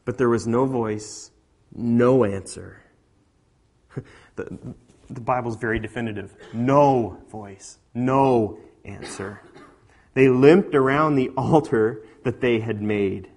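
A male pastor delivering a sermon in a mid-pitched voice. He tells the story in an animated way, dropping into quiet, chatty asides and then building to loud, emphatic declarations. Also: unhurried.

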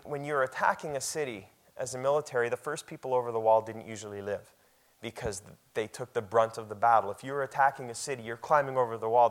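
Delivering a sermon in a conversational manner, this man frequently repeats his words. His voice becomes far louder and higher whenever he reads scripture aloud.

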